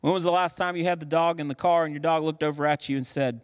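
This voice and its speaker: A man in his thirties preaching a sermon as pastor, telling stories with animated acted voices. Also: on the high side, quick pace, few pauses, clean tone. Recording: long hall reverb.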